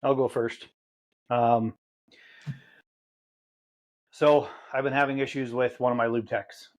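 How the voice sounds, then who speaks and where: A man's voice: mid-range voice, little pitch movement, slow, darkish tone. A man on a podcast casually recounting a workplace problem, loose and plain-spoken. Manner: plain storytelling, loose with fillers.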